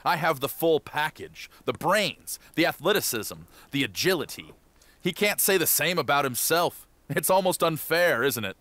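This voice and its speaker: A man's voice: on the high side, animated, normal speed, pushed and bright, no room sound. An actor voicing an arrogant male wrestler in a video game, taunting his opponent. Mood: smug. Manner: boastful, taunting.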